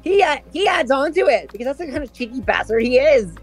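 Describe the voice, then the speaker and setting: A man's voice: extremely high pitch, sing-song, quick pace. A man in his twenties, chatting casually in a group voice call, joking and swearing as he rambles. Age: 20s. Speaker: stream guest.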